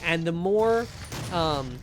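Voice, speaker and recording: Young male streamer, high-pitched, rambling casual chat with restarts, at a desk mic. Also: lively intonation, slow, background noise. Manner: rambling, many fillers and restarts. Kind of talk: casual livestream chat while gaming.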